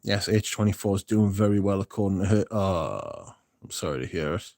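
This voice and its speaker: A man's voice: low voice, lively intonation, normal speed, gravelly, darkish tone, no room sound, studio quality. A man hosting a livestream, chatting casually with viewers in a blunt, sweary, rambling way. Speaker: livestream host reading viewer chat.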